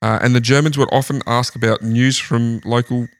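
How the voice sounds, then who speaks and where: A man's voice: medium pitch, steady tone, normal speed. A man host casually telling a history story in a lounge room, laughing often. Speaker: podcast host.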